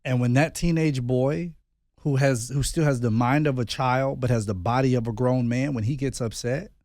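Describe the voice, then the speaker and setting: A man co-hosting a casual podcast, telling a family story in an animated way and often repeating his words as he thinks. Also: mid-range voice, moderate pace, no room sound, clean studio sound. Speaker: podcast co-host and father.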